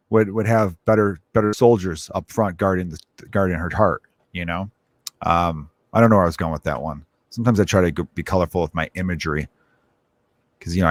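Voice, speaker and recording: A man's voice: deep voice, no echo. A man in his thirties, a comedian hosting his own podcast, riffing in a rambling, profane monologue and acting out quoted voices.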